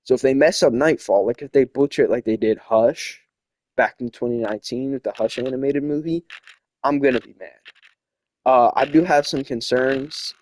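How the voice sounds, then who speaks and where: A man's voice: mid-range voice, normal speed, a little mellow, no echo. A young man hosting a casual opinion chat, rambling and opinionated with lots of fillers. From not from South America. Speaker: host.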